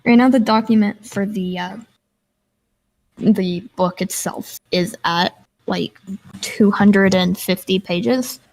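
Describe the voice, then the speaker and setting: A woman's voice: medium pitch, slow, darkish tone, poor audio. A young woman chatting casually while gaming, telling stories with lots of fillers. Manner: chatty storyteller, many fillers. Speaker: guest streamer and artist.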